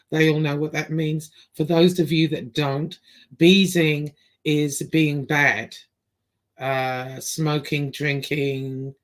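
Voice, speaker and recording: A woman hosting a reaction commentary channel, talking bluntly and rambling with fillers and restarts. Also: deep voice.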